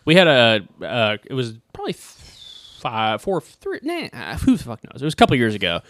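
A man's voice: mid-range voice, huge pitch swings, normal speed, a bit bright, no room sound. A man hosting a podcast in casual chat, joking around and swearing freely. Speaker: podcast host.

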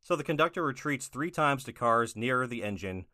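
A man co-hosting a podcast, recapping a cartoon episode in relaxed, dry conversation. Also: mid-range voice, brisk, no echo. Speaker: podcast co-host.

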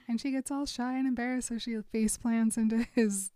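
A woman's voice: on the high side, steady tone, normal speed, dark tone, dry recording, clean studio sound. A woman co-hosting a podcast, chattily retelling a book's scenes with frequent giggles. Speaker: podcast co-host. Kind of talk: casual book recap chat.

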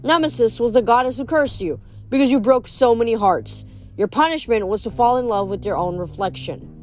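A woman's voice: on the high side, fairly quick, a little mellow, soft background music, pitched above the performer's own voice, lightly acted. A woman reading aloud, voicing a firm, impatient teenage girl who speaks sharply and insistently. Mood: exasperated, insistent.

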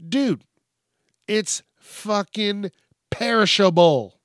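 A man's voice: high voice, animated, slow, pauses often, no room sound, studio quality. A man hosting a comedic news podcast, ranting with heavy swearing, exasperation and bursts of laughter. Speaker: podcast host.

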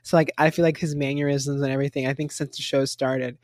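A man's voice: mid-range voice, little pitch movement, fast talker, dry recording, clean studio sound. A young man co-hosting a casual chat, rambling with lots of "like" and frequent laughs. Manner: rambling, heavy use of "like", laughs often. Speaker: podcast co-host. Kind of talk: casual chat reviewing a reality show.

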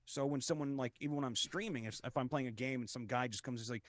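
A man in his thirties, a voice actor guest in a casual podcast chat, animated and quick to jump into loud silly voices. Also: medium pitch, no echo. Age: 30s.

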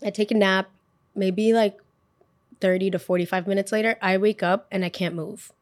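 A woman's voice: mid-range voice, fairly even intonation, moderate pace, no room sound. Chatty young woman telling a story. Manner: chatty, dramatic, lots of "like". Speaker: podcast host. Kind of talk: casual storytelling.

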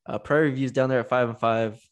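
A man's voice: medium pitch, steady tone, a little fast. Casual male sports podcast co-host. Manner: talks through stats, trips over words.

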